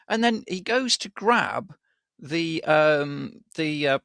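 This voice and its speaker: A man's voice: a little high, expressive, slow, vocal fry, fairly bright tone, no echo, clean studio sound. A man co-hosting a casual podcast chat, rambling through stories and acting out the voices of the people in them. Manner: rambling storyteller, acts out quoted voices, laughs often. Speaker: podcast co-host.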